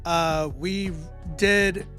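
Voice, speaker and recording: High-voiced man hosting a casual livestream. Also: very slow, faint music behind. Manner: animated, laughs often, repeats himself. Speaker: livestream host critiquing music. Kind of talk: casual live chat.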